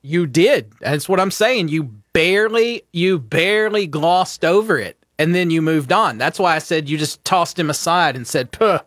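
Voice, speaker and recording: A playful man co-hosting a sports talk show, teasing his partner with quick jabs. His voice is a touch higher than most men's. The sound is dry and close-miked. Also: a bit bright, no room sound. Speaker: co-host. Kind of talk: casual sports chat.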